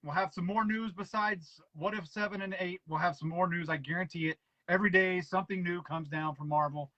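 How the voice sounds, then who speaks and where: A man hosting a relaxed podcast chat, his voice high and bright. He talks fast and eagerly, often restarting his words. The sound is dry and a bit dull, like a lo-fi mic. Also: no echo. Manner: quick, eager, stumbles over words. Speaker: podcast host. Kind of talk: casual chat.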